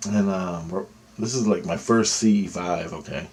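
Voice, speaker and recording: A man's voice: low voice, normal speed, darkish tone, husky. A man vlogging a personal story to camera in a loose, rambling way, full of asides.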